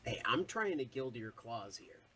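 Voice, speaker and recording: A man playing a tabletop game, chatting casually and planning out loud in a hesitant way with frequent restarts. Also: mid-range voice, sing-song, unhurried, a little hiss or hum.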